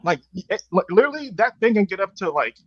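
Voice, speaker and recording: A man's voice: sits high, very animated, fast talker, fairly bright tone, dry recording, lo-fi sound. Hesitant man calling into a stream. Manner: hesitant, repeats words while making a point. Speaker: guest caller on the stream. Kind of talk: casual chat.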